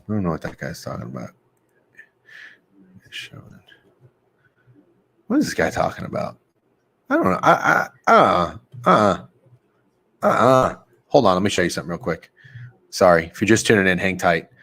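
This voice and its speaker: Young male stream host, deep voice, rambling and profane, casual betting chat. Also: slight background noise.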